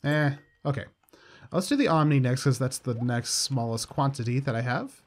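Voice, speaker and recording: A man's voice: mid-range voice, lively intonation, moderate pace. A man casually commenting on his gameplay, upbeat and chatty with dry sarcastic asides. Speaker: let's play host.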